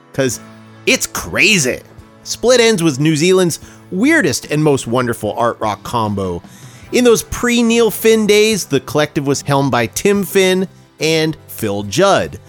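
A man's voice: fairly high pitch, very animated, unhurried. A man co-hosting a music podcast, reading his album reviews with dry jokes. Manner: dry joking, reads prepared reviews. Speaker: podcast co-host. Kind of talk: casual music podcast chat.

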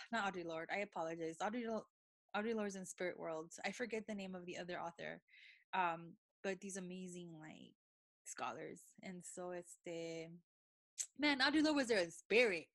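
A woman co-hosting a casual podcast chat, telling stories in a lively way, often stopping to correct herself and laughing. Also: lowish voice, no room sound. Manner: lively storyteller who backtracks and corrects herself; laughs often, switches languages mid-sentence. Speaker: podcast co-host.

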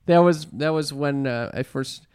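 A man's voice: fairly high pitch, measured pace, a little mellow, smooth, dry recording, clean studio sound. Easygoing man podcast co-host. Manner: joking, easygoing. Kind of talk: casual podcast chat.

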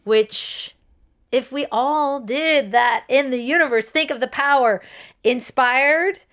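A woman co-hosting a podcast, originally from Southern California, with a slight Southern lilt, talking in a lively way with quick asides. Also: sits high. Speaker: podcast co-host. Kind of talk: casual podcast chat.

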